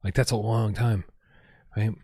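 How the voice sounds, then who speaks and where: A man's voice: lowish voice, little pitch movement, measured pace, darkish tone, slightly rough, no room sound. A man hosting a casual gaming livestream at home, rambling and reading out viewer tips with lots of restarts. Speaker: livestream host.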